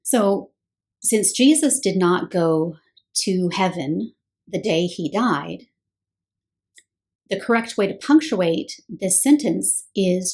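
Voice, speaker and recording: A woman's voice: medium pitch, lively intonation, takes it slowly, darkish tone. A woman giving a scripted Bible teaching talk, explaining step by step and posing rhetorical questions.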